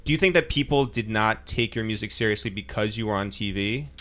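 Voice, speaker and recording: A man's voice: on the low side, a little fast, a bit bright. A man hosting a casual interview, easygoing and laughing along with his guest. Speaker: podcast host.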